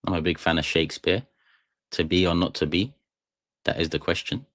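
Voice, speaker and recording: This young man from England has a deep, fairly bright voice with fairly even intonation and a brisk pace. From a small studio room, he hosts a fan channel live stream, chatting casually and talking straight to chat in a rambling, jokey way.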